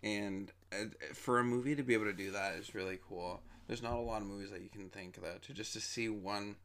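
Young adult male, casual enthusiastic reviewer, slightly low voice. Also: fairly even intonation, brisk, fairly bright tone. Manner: chatty and enthusiastic, with many fillers. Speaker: movie reviewer.

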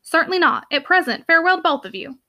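A man's voice: extremely high pitch, lively intonation, quick pace, sharp tone, voice pushed up, full character voice. A woman reading the part of a grave, reserved young male mill owner in an audiobook, speaking with restrained courtesy.

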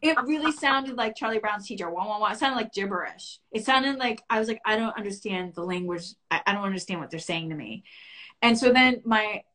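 Bright-voiced woman telling a personal story. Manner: earnest and reflective, rising high and fast when reliving panic.

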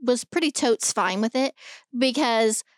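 A woman co-hosting a podcast in casual chat, animated and swearing freely as she argues her point. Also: a little high, a little slow, no room sound, clean studio sound. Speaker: podcast co-host.

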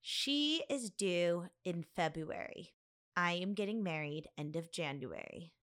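A woman chatting casually, blunt and teasing, tossing out quick jokes. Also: fairly low pitch, big pitch swings, a bit bright. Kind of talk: casual chat.

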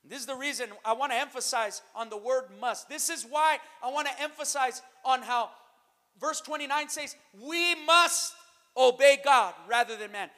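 High-voiced preaching pastor in echoing hall. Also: male voice, normal speed. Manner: preaching, swings to shouted emphasis, calls out to the church. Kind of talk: sermon. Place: church. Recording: long reverb of a hall.

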